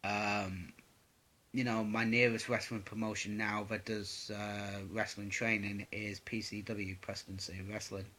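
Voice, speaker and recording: A man's voice: lowish voice, flat delivery, unhurried, bright, forceful tone. A young man answering viewer questions in a casual vlog, rambling and swearing with lots of "um"s. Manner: rambling, sweary, many fillers.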